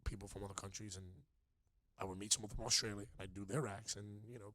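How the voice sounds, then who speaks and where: A man, a DJ guest on a podcast, telling stories in an animated, slangy way and swearing. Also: on the low side, racing, no room sound. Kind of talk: casual storytelling.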